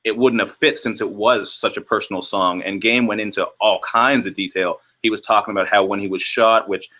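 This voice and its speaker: A man's voice: fairly low pitch, fairly even intonation, brisk, sharp tone. A man with a Canadian accent, a guest in a casual album review discussion, chatty and enthusiastic about artists he likes.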